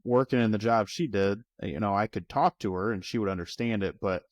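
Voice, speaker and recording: Low-voiced reflective man. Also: fairly quick, dry recording. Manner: reflective, uses "you know" often. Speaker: guest. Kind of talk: casual chat.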